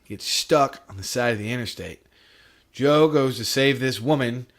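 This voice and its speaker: A man's voice: medium pitch, normal speed, a bit bright. A man who is a podcast guest and drummer, telling loose, profane stories in casual chat.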